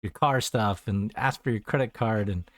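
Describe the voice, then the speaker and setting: A man's voice: fairly low pitch, normal speed, no echo. A man co-hosting a casual podcast, telling rambling stories and acting out phone callers in a raised voice. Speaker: podcast co-host. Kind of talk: casual chat.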